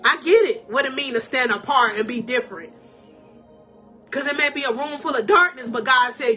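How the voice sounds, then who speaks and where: High, bright-voiced woman life coach. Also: moderate pace, soft background music. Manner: animated and emotional, laughing often; preacherly, calls out to viewers. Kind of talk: encouraging live-stream talk.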